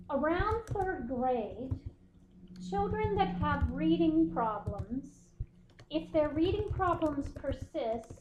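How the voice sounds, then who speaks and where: A woman's voice: high-pitched, darkish tone, reverberant, a little hiss or hum, poor audio. A woman instructor giving a conversational classroom lecture, often checking in with her students. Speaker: university instructor.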